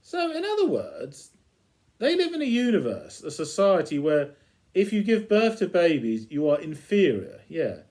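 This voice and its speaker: A man reviews a TV episode in a casual retelling, chuckling often. His voice sits a little high and rises and falls a great deal. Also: huge pitch swings, normal speed, a little mellow. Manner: chuckles often between lines.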